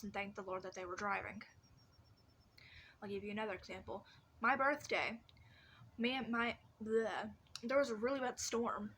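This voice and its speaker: A woman's voice: mid-range voice, fairly bright tone, slight background noise. A young woman in her teens telling personal stories in a casual vlog from her bedroom, rambling with many restarts and fillers. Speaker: vlogger.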